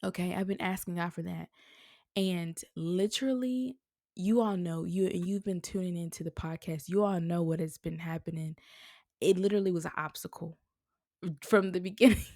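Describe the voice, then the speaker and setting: A woman's voice: fairly low pitch, moderate pace, mellow, dry recording. A woman hosting a podcast, talking in a heartfelt, faith-based monologue, earnest and encouraging and close to tears. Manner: earnest and encouraging, speaks of prayer with feeling. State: emotional, near tears. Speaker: podcast host.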